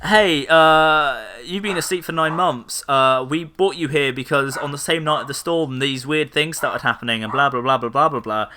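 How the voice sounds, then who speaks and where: A man's voice: on the high side, normal speed, hardly any pauses, noisy background, close to an everyday voice. A man voicing a male mentor figure in a casual retelling, with an offhand manner that trails off into filler. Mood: explaining.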